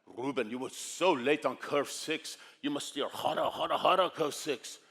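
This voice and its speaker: A man's voice: fairly high pitch, normal speed, fairly bright tone, slightly rough, long reverb tail. A man putting on the Austrian-accented voice of his tough, towering male luge coach, giving clipped orders. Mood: commanding. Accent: Austrian German, put on. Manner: clipped, commanding, barking orders.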